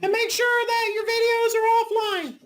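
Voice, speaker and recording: A woman putting on a squeaky southern-twanged teacher. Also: fairly even intonation, moderate pace. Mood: chirpy. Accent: mock Southern US twang. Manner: sing-song, exaggerated cheerful. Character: chirpy southern woman teacher, high-pitched. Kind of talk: playful classroom role-play.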